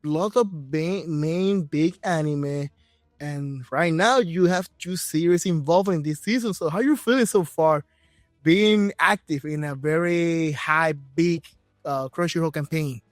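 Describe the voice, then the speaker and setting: A man hosting an interview podcast, a Spanish native speaker talking in English, excited and chatty. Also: fairly high pitch, unhurried, dry recording, studio quality, soft background music. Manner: excited, chatty, rephrases often. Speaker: podcast host. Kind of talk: casual interview chat.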